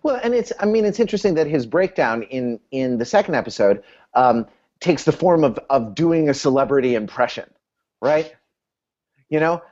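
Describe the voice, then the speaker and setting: A man's voice: on the high side, animated, moderate pace, a little mellow, muffled recording. Hesitant, academic man on a video call. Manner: academic, hesitant, many restarts. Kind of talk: casual analytical discussion.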